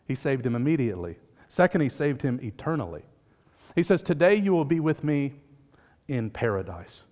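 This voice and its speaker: A male pastor preaching a sermon, animated, rising to emphatic peaks and dropping to hushed lines. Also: mid-range voice, in a large hall, lo-fi sound.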